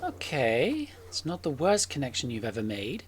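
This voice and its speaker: Gm doing a blunt werewolf sister, dry and scolding, voice jumps around a lot. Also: female voice, very deep voice, wildly swooping pitch, moderate pace, crowd noise, exaggerated voice.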